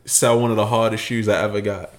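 This young man co-hosts a relaxed sneaker podcast, spinning profane, slangy stories and performing each character's voice. He has a lowish voice and talks fast.

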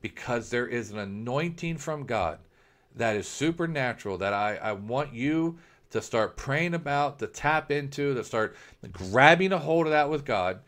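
A man's voice: medium pitch, animated, unhurried, a bit bright. A man preaching a sermon, earnest and repetitive, often restarting phrases as he builds a point. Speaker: preacher, ministry founder.

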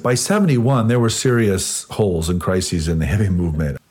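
A man's voice: low-pitched, expressive, normal speed, a little mellow, slightly rough. A man answering in an interview, explaining at length in a thoughtful, storytelling way. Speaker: interview guest.

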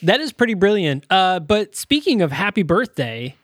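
A man co-hosting a podcast in casual chat, joking and quick to laugh. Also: high-pitched, very animated, dry recording, clean studio sound. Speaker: podcast co-host.

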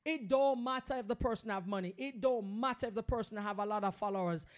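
A woman's voice: mid-range voice, fast talker. A woman hosting a podcast who talks earnestly and emphatically, urging her listeners to reach out to others. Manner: earnest, emphatic, preachy encouragement. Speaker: podcast host. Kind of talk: heartfelt motivational podcast talk.

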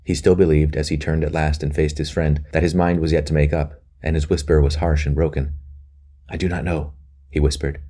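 Deep-voiced male audiobook narrator. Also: level tone, a little fast, few pauses, mellow. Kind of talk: scripted narration.

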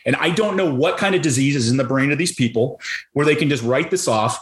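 A man's voice: mid-range voice, a little fast, echoey room. A man co-hosting a political talk show who rants angrily and swears a lot. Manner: profane, ranting, shouts in anger. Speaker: podcast co-host. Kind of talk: heated political chat.

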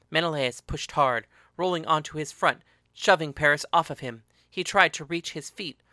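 Bright-voiced man reading a story aloud. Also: a little high, no echo, studio quality. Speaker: narrator. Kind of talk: storytelling narration.

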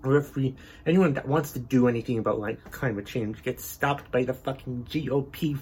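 A man's voice: mid-range voice, moderate pace, a little mellow, slightly rough. A male podcast host delivering an exasperated, profanity-heavy rant. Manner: angry, exasperated, heavy swearing.

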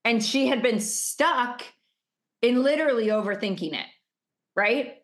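A woman's voice: a little high, animated, a little slow. A middle-aged woman coach giving an emphatic motivational masterclass over a video call, stacking up rhetorical questions. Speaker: business coach.

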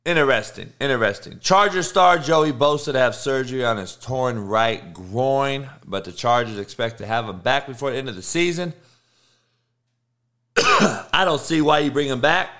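A man's voice: mid-range voice, animated, moderate pace, sharp tone. A man hosting a sports betting show, reading injury news in a casual, offhand way with frequent swearing. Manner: profane, offhand, reads news aloud.

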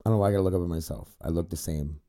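Candid, rambling man with a mellow voice. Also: low voice, rapid-fire. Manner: candid, swearing, rambling with many fillers. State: tearful at times. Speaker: podcaster. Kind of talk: emotional confessional vlog. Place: indoor studio set facing a camera.

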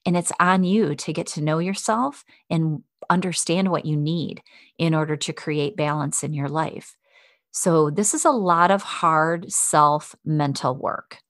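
A woman with a lowish voice talks straight to the listener as a self-help host. She sounds encouraging and kind. The recording is dry and close, with no room sound. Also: no room sound. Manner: warm, encouraging, speaks to the listener directly. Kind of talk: self-help podcast talk.

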